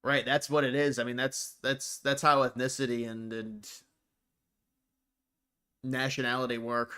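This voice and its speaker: A man's voice: mid-range voice, flat delivery, measured pace, sharp tone, smooth. An American man hosting a livestream, reacting to chat in casual, rambling commentary and often restarting his sentences. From United States. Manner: rambling, thinking aloud with frequent restarts. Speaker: livestream host.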